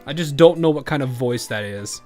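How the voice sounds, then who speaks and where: A man's voice: mid-range voice, lively intonation, fairly quick, darkish tone, soft background music. A man giving casual commentary on a game he is playing, rambling with restarts and laughing often. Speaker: game streamer.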